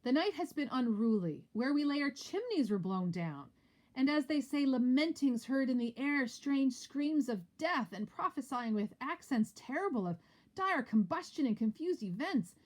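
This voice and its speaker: A woman acting out a nobleman telling of a wild, ominous night, earnest and dramatic. The voice sits raised and fairly loud. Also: sits high, lively intonation, normal speed, voice pushed up. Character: nobleman recounting a stormy night.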